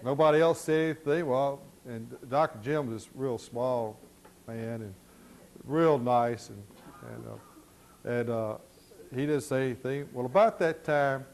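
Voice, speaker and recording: A middle-aged man telling folksy stories during an architecture slide lecture, halting with many fillers. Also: mid-range voice, a little mellow, slight background noise. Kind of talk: storytelling lecture.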